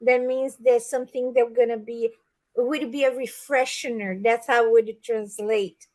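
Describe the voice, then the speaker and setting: A woman's voice: fairly high pitch, fairly even intonation, a little slow, darkish tone. A woman whose first language is Portuguese, telling stories animatedly in casual chat and repeating words as she searches for them.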